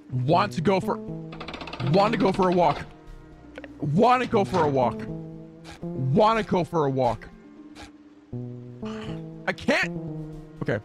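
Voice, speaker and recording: A woman streamer in a casual live-stream chat, practicing a deeper voice by repeating lines and breaking into squeaky yelps. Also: animated, slow, long pauses, music in the background.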